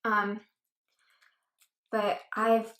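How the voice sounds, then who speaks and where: This mukbang vlogger eats at home and chats in a rambling, casual way, pausing for murmurs of enjoyment. She talks extremely slowly in a monotone, with a mid-range and slightly bright voice. Her recording has an echoey room sound and faint noise.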